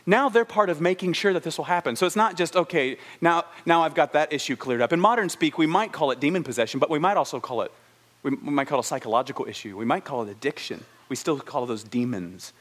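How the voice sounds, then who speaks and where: A man preaching a sermon, telling stories with animated delivery and acting out the characters' lines, then slowing to a soft, reflective tone for his main points. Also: fairly high pitch.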